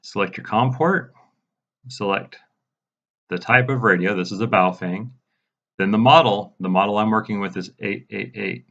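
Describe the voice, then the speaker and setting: Low-voiced man walking through software setup. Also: normal speed, gravelly, highs cut off. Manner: casual, step-by-step, mildly exasperated. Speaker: radio programming instructor. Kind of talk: screen-recorded software tutorial.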